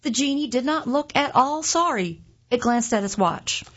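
A woman reading a first-person short story aloud with expressive narration. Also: sits high, normal speed, dull audio. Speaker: volunteer reader.

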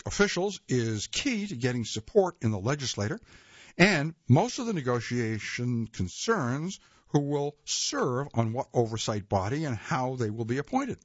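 A man reading a nonfiction history aloud in a measured way, with occasional slips and self-corrections. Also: medium pitch, big pitch swings, breathy edge, no echo. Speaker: reader. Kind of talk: read-aloud nonfiction narration. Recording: dull lo-fi dry recording.

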